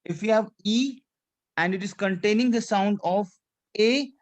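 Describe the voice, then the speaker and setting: In an unhurried, high-sitting voice, a male teacher runs a French lesson. He drills by repetition, gets students to say things back, and checks understanding in French ("c'est clair") while speaking English.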